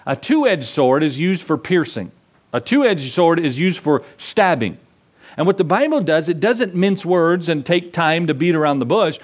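A man preaching a sermon as pastor, asking the congregation questions and acting out little asides. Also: fairly high pitch.

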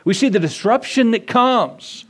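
A man's voice: very high voice, expressive, measured pace, husky. A man pastor preaching a sermon in a conversational way, telling stories and acting out the dialogue.

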